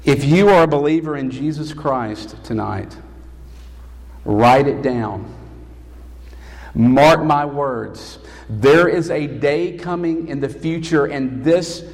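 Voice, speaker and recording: A man preaching a sermon as pastor, emphatic and rising to loud calls. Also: fairly high pitch, lively intonation, slow pace. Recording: long hall reverb.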